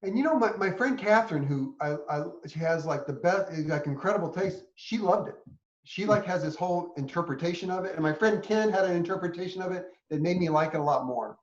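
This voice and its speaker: An opinionated man co-hosts a casual podcast chat. His voice sits a little higher than most men's and bounces around an echoey room, and the recording has a dull, lo-fi sound. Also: lively intonation, fairly quick. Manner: opinionated, self-deprecating critic. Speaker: podcast co-host.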